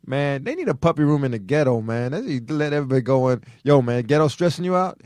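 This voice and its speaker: A man's voice: mid-range voice, expressive, quick pace, a little mellow, dry recording, studio quality. A man co-hosting a comedy podcast, riffing in streetwise slang and saying "man" constantly. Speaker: podcast co-host.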